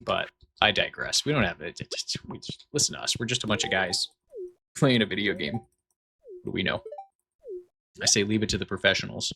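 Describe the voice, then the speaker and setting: A man's voice: fairly low pitch, expressive, brisk, gravelly. A man streaming a video game from home, chatting casually and rambling off on tangents while reading chat aloud.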